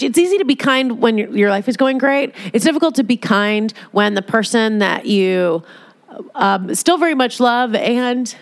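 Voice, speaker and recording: A woman in a casual monologue, candid, joking and profane, who slips into mocking voices. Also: a little high.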